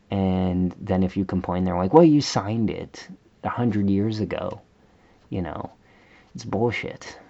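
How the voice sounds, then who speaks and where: A man's voice: deep voice, gravelly, darkish tone, highs cut off. A man vlogger telling a rambling, exasperated story in a casual rant, full of fillers.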